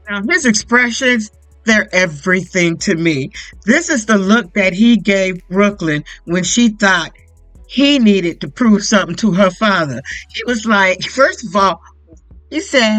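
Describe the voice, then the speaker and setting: A woman's voice: medium pitch, moderate pace, dry recording, faint music behind, rough recording. Blunt, profane woman recapping reality TV. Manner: blunt, profane, animated retelling with quoted voices. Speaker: YouTube reality TV commentator. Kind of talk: casual recap commentary.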